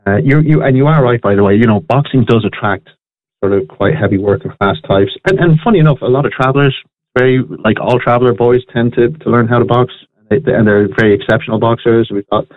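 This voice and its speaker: A middle-aged man calls in over a thin, tinny phone line. He talks with emphatic conviction and keeps restarting his sentences as he builds his point. His voice sits at an ordinary pitch, with a dry, close sound. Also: fast talker, no echo. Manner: emphatic, opinionated, restarts often. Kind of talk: casual radio chat.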